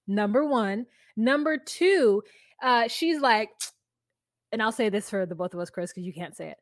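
Animated woman podcaster doing voices. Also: a little high, moderate pace, no room sound, studio quality. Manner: animated, mimics people in put-on voices. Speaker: podcast co-host. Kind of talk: casual podcast chat.

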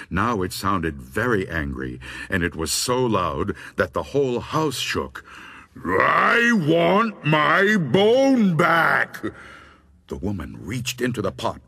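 A man reading scary stories aloud, slow and expressive. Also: sits low, breathy edge, no echo. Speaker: storyteller.

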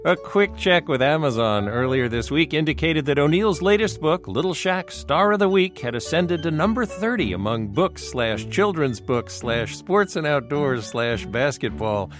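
A man hosting a radio feature, reading scripted narration and asking questions in a measured, wry way. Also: on the high side, lively intonation, faint music behind. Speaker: radio host, reporter.

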